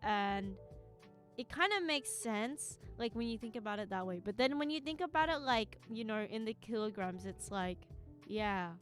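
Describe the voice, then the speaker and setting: Bright, giggly streamer woman. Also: mid-range voice, expressive, moderate pace, faint music behind. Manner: rambling, giggly, full of fillers. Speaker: live streamer. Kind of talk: casual chat with viewers.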